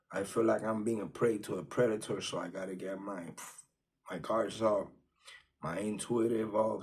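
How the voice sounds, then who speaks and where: Man with a lowish voice, telling a personal story in casual, profane street slang. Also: slightly rough.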